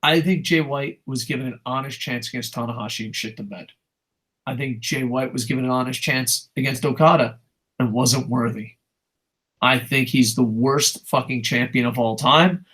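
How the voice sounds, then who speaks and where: A man's voice: mid-range voice, normal speed, a bit bright. A man hosting a casual wrestling talk show, ranting with constant swearing and reading out viewer comments. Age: adult with a child. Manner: profane passionate ranting. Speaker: podcast host.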